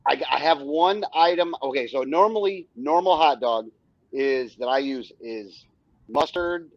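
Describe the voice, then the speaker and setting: A man's voice: mid-range voice, unhurried, dry recording, highs cut off. A male co-host chatting casually, often restarting and repeating words. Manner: hesitant, repeats words while agreeing. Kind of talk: casual chat.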